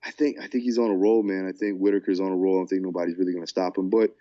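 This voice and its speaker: A man's voice: low voice, flat delivery, racing, dull audio. A man co-hosting a podcast as a fight coach, talking in a laid-back, casual way and often saying "man". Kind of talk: casual chat.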